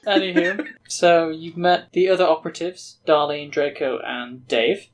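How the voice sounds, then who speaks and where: A man running a tabletop game as game master, genial and quick to chuckle. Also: a little high.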